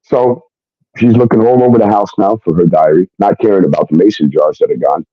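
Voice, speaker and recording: Speaking briskly in a fairly low voice, a male guest recounts something personal with casual emphasis, frequent profanity and a habit of ending lines with "okay?" The audio is dry and dull lo-fi, with no room sound at all.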